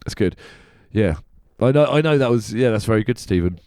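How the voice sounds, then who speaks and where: A man co-hosting a podcast, rambling and laughing his way through casual banter. His pitch moves in a lively, animated way, and the sound is dry and close with no room echo. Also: fairly quick. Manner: laughs a lot, rambling self-deprecating banter. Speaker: podcast co-host. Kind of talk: casual chat.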